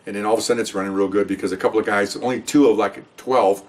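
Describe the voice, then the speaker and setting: Fast-talking man telling a cop story. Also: on the low side, distant mic. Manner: rambling, conversational, quotes others with animated voice. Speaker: retired police commander telling a story. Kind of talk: casual storytelling to camera.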